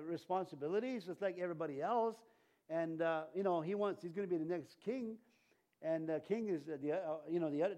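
A man with a high, light voice preaches a loose, conversational sermon in a church. He rambles, restarts his sentences and chuckles at his own jokes. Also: dark tone. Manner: rambling, self-interrupting, chuckling often. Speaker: pastor. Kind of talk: informal sermon.

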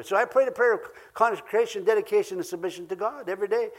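A man with an Ojibwe accent, pitched notably high for a man, delivers a sermon. He is earnest, drives points home by repeating phrases, and slips in small chuckles as he goes. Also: fast talker, few pauses. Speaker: preacher.

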